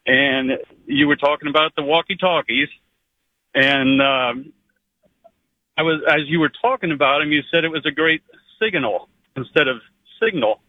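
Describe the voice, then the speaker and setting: A man's voice: fairly high pitch, moderate pace, long pauses, no echo. A man calling a radio show, friendly and teasing the host. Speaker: caller. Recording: tinny phone line.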